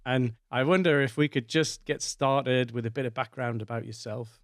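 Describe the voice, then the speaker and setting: A man's voice: medium pitch, moderate pace, no echo, clean studio sound. A man in his forties hosting a podcast interview, asking long, rambling questions. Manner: rambling, uses many fillers. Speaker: podcast host.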